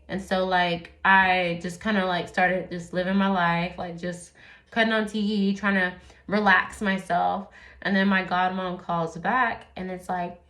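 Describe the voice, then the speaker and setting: Woman, casual storyteller, rambling and candid, mid pitch, roomy echo. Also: fairly even intonation, moderate pace, a bit bright. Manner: candid, rambling, many fillers and swearing. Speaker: YouTuber telling a personal story.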